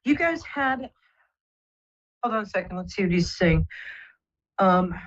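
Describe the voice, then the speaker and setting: A woman's voice: mid-range voice, lively intonation, a little slow, muffled recording. A woman hosting a live psychic call-in show, talking soothingly and rambling with many fillers. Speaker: psychic radio host.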